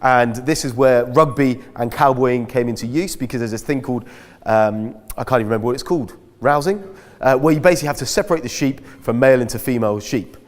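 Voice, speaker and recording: A man's voice: mid-range voice, quick pace. Self-mocking man in an echoey hall. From Britain. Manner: chatty, self-mocking storyteller. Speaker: guest speaker at a school. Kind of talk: anecdotal talk to an audience. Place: school hall.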